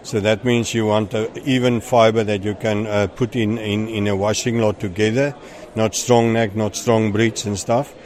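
A man's voice: on the low side, flat delivery, moderate pace, a little mellow. Methodical man judging goats outdoors. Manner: methodical, explaining point by point. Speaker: goat show judge. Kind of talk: interview answers.

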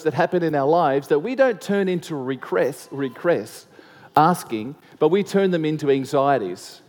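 A man's voice: on the high side, darkish tone. A middle-aged male pastor preaching a conversational sermon, repeating phrases and acting out the voices he quotes. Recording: long hall reverb.

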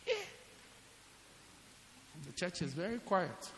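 A man's voice: high voice, lively intonation, slow, long reverb tail. A man preaching a sermon as pastor, in a teasing, joking, conversational way.

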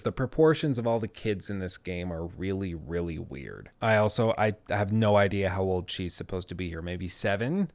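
A man with a fairly low voice talks through his commentary in a relaxed, conversational way. He is analytical, but often drops in casual, self-deprecating asides. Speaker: video essayist.

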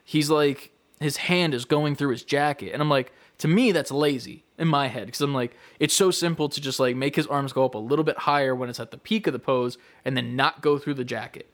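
A young man chatting casually on a podcast, telling stories with lively quoted voices and frequent swearing. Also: medium pitch, a little fast. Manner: animated storyteller, acts out quoted lines, swears freely. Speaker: podcast co-host. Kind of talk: casual chat.

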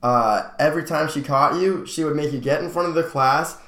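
A man telling a casual story on a podcast, relaxed and a little halting. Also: fairly high pitch. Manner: relaxed, halting, with many fillers. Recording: roomy echo.

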